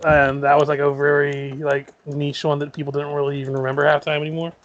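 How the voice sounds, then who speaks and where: A man playing a tabletop game, chatting in a relaxed way and thinking aloud with ums. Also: fairly high pitch, fast talker, lo-fi sound. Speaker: player. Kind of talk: casual tabletop game chat.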